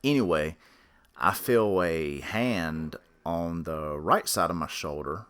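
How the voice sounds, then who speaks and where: A man with a very low voice tells a personal story on a podcast. He rambles along in a matter-of-fact way and keeps circling back with fillers and restarts. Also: takes it slowly, fairly bright tone, clean tone. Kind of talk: casual spoken storytelling.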